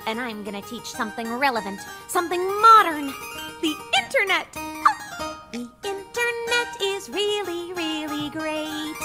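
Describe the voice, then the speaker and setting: An earnest, sweet-natured puppet schoolteacher sings and talks her way through a musical number. Her voice sits extremely high. Loud backing music fills the track. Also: expressive, measured pace. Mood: cheerful. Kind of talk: musical theatre song. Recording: song clip with loud music.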